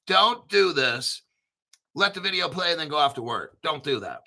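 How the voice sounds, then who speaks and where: A man hosting his own channel in a casual monologue, emphatic and repetitive, rambling and swearing, often clearing his throat. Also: fairly high pitch, sing-song, fast talker, bright, forceful tone. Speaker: crypto channel host.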